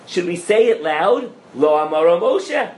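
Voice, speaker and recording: Male rabbi, Torah class, animated, checks in with audience, slightly high voice, roomy hall mic. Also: a little slow. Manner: animated, asks the audience questions, mixes in Hebrew and Yiddish terms. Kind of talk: lively Torah lecture to a live audience. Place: lecture room with an audience.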